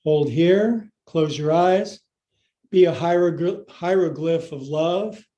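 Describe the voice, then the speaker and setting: A man teaching a live yoga class, his voice sitting high but mellow and unhurried. He cues each pose with goofy asides and runs a bit short of breath as he moves along with his students. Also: highs cut off. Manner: playful, jokey cueing of poses.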